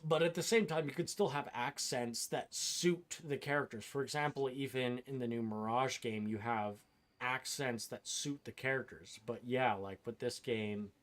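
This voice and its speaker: A man's voice: mid-range voice, normal speed, fairly bright tone. A man streaming a video game, giving casual commentary and ranting with strong opinions and swearing. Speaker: gaming streamer.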